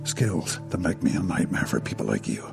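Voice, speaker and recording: An actor playing a grim middle-aged man who speaks a cold, deliberate threat. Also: very animated, gravelly, heavily acted. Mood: menacing. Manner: slow, low, deliberate threat. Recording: film clip with music behind. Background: music.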